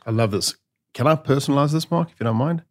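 A man's voice: mid-range voice, quick pace. A male podcast host speaking earnestly and personally about why he started his show. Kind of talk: interview conversation.

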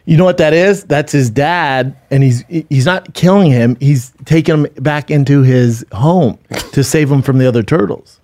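A man's voice: mid-range voice, lively intonation, moderate pace, darkish tone, dry recording, clean studio sound. A middle-aged man, podcast co-host, chatting casually and telling a rambling story, swearing freely. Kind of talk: casual chat and live ad reads.

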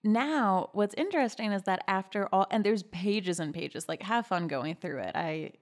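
A woman's voice: mid-range voice, expressive, moderate pace. A woman hosting a podcast, giving candid, chatty commentary while she reads messages aloud. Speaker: podcast host.

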